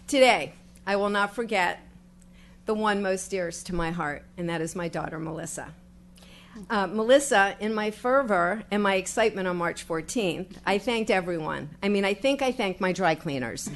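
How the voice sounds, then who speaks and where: An older woman giving a heartfelt, halting acceptance speech at a podium before an audience, thanking family and volunteers. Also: medium pitch, a little hiss or hum. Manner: heartfelt, halting, grateful, with fillers and restarts. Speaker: newly elected official giving acceptance speech. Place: public meeting hall with audience.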